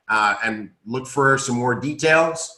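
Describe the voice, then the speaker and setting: Bright, eager man presenting in a roomy space. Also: medium pitch, slow pace. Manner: enthusiastic, persuasive, addresses audience directly. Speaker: company co-founder presenting a recap. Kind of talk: upbeat business recap talk. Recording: roomy echo.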